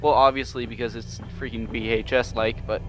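A man's voice: medium pitch, flat delivery, normal speed, music in the background. A man giving nervous, jumpy let's-play commentary on a horror game he is playing. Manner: jumpy, nervous, swears mildly, yelps when startled.

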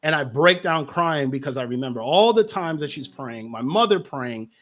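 A young man shares his faith testimony with real energy, his voice a little higher than most men's. He tells the story in a lively way and slips into the voices of the people he quotes. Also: moderate pace. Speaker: pastor. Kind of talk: personal testimony in conversation.

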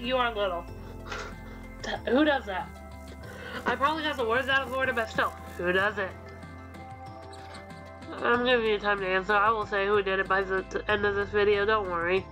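A woman's voice: a little high, poor audio. A young woman telling a ranting story while gaming, swearing and acting out what people said. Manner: ranting, swears, acts out quotes. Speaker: gaming vlogger. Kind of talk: casual storytelling over gameplay.

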